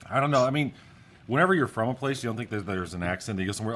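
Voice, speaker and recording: A man's voice: medium pitch, expressive, racing, a bit bright, slight background noise. A man co-hosting a stream in casual chat, dry and matter-of-fact.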